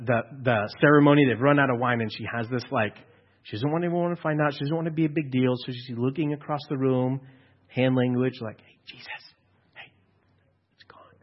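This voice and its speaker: Pastor, male, mid-pitched, a little husky, chatty sermon with acted-out quotes, lo-fi church capture. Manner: conversational, acts out quotes with hushed asides.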